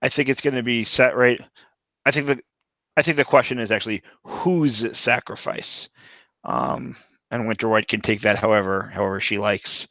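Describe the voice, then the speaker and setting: A man playing a tabletop role-playing game, talking in halting bursts with many restarts. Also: fairly low pitch, fairly even intonation, fairly bright tone, no echo, lo-fi sound. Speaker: player.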